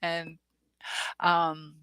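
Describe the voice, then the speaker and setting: Female live-stream host, lowish bright voice, dry close mic, casual and chatty with viewers. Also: monotone, drawn-out words, smooth, no room sound. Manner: chatty, reads viewer comments aloud with filler ums.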